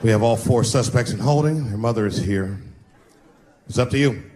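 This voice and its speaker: A man's voice: mid-range voice, moderate pace, darkish tone, voice pushed down, lightly acted. A man voicing a formal small-town police officer giving a matter-of-fact report, in a noisy live show recording.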